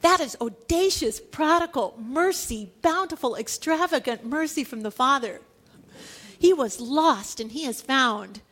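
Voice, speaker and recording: A woman preaching a sermon, telling a parable with animated storytelling, acting out the quoted lines and laughing often. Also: sits high, a little slow.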